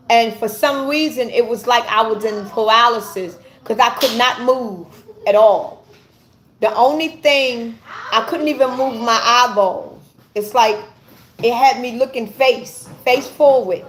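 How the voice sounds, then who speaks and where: A woman giving an earnest personal testimony to camera, halting and often repeating her words as she searches for them. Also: a little high, slight background noise. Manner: earnest and intense. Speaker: vlogger.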